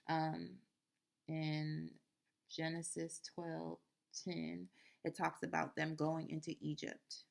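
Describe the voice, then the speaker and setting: A woman's voice: sits low, creaky. A woman hosting a Christian video, retelling a Bible story in a chatty, casual way full of fillers. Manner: chatty, full of "you know" and "like".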